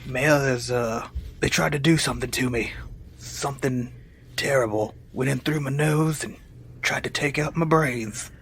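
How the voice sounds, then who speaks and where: A man's voice: medium pitch, unhurried, creaky, a bit bright. A man voicing a dazed fellow, rambling folksy talk over faint hiss. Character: dazed man with a put-on rough British accent.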